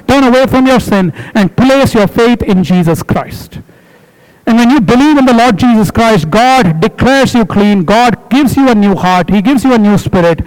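Male preacher, high voice, emphatic and repetitive, sermon delivery. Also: low-quality recording. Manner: emphatic, repetitive exhortation, explains words.

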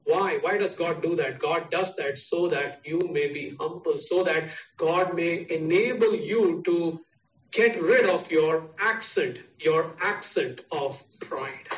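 Indian English preacher in an echoey room. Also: male voice, a little high, takes it slowly. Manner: repetitive, emphatic preaching with listed parallel phrases. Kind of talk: sermon. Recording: echoey, distant, dull sound.

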